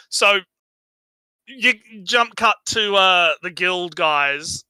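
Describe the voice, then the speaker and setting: A man on a stream, recapping an anime in casual chat, animated and swearing, acting out quotes. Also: high voice, takes it slowly, smooth, no room sound, low-quality recording. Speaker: stream co-host.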